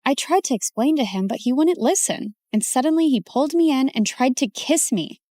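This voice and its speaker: A woman narrating and voicing the lead in an animated drama, emotional and urgent. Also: sits high, brisk, no echo, studio quality. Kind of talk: scripted cartoon narration.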